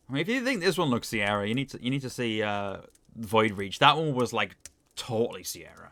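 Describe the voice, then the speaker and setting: Chatty Northern English streamer. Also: male voice, lowish voice, sing-song, a little fast, pushed and bright, no room sound. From north of England. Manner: chatty, laughs often, self-deprecating. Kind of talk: game playthrough commentary.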